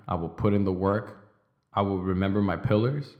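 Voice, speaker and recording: Young male podcast host, lowish voice, intense and profane, slow hammered-out declarations. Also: phone-quality sound. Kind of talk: motivational monologue.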